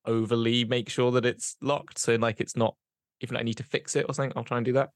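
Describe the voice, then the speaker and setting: A man's voice: medium pitch, level tone, fast talker, no echo, studio quality. A man playing a tabletop game, thinking aloud hesitantly with restarts. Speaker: player. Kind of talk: casual tabletop game play.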